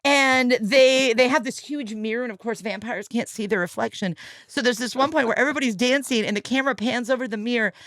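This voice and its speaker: A woman hosting a casual podcast chat about a film, telling scenes in an animated way and acting out the quotes. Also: a little high, a little fast, dry recording. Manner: animated storytelling, acts out quotes. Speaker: podcast host. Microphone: podcast microphone.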